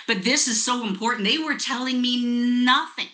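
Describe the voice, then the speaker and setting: A woman in her fifties, a network marketing guest, telling a lively story with laughs over a video call. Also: fairly high pitch, normal speed.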